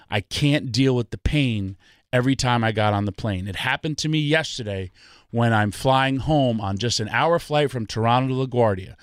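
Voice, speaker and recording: A man's voice: mid-range voice, no room sound, clean studio sound. A man ranting about wrestling on a talk show, emphatic and full of rhetorical questions. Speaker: wrestling podcast guest. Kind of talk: passionate ranting commentary.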